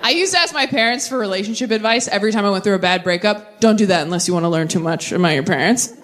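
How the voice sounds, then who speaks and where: A woman in her thirties doing a stand-up set with crowd work, quick and self-deprecating, laughing at her own tangents. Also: mid-range voice, a little hiss or hum. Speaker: stand-up comedian. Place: theater stage with live audience.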